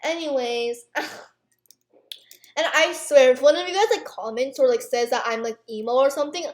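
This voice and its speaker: A woman's voice: high voice, normal speed, roomy sound. A teenage girl ranting in a rambling, self-mocking way, packed with fillers, while playing a game on her channel. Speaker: gaming YouTuber. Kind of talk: rambling chatty rant over gameplay.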